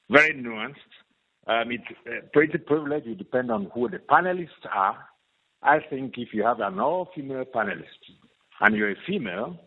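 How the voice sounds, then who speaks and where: A man's voice: medium pitch, slightly rough, narrow, tinny audio. A man from South Africa calling in to a radio show, wry and analytical with chuckling asides. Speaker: caller. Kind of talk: phone-in comment.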